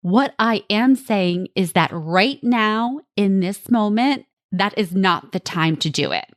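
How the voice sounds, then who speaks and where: A woman's voice: medium pitch, lively intonation, slow pace, no room sound. Earnest woman coaching parents, dry sound. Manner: earnest, direct, coaching tone with repeated phrases. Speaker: parenting coach and podcast host. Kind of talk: podcast advice monologue.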